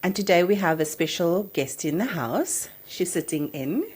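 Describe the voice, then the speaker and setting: A woman, hosting a podcast and telling a personal story in an animated, emotional way. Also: fairly low pitch, normal speed, heavy background noise. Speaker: podcast host.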